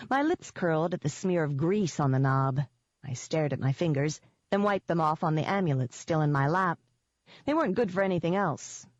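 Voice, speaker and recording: In a low, deep-set voice, a woman narrates a first-person novel with an even, wry tone. The recording is dry, without any room sound, and the audio is slightly dull and lo-fi.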